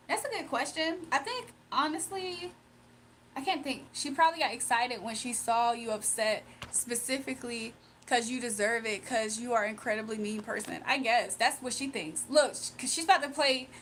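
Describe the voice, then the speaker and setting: High-voiced blunt woman livestreamer. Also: normal speed, fairly bright tone, a little hiss or hum. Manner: blunt and confrontational, scolding a viewer. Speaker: livestreamer giving spiritual readings. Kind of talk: casual livestream chat, reading comments aloud.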